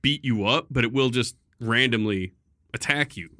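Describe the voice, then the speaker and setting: Male podcast co-host, bright and lively, excitable and profane, dry close sound. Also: medium pitch, normal speed, no echo. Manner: excitable storyteller, swears freely, laughs a lot. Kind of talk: casual chat.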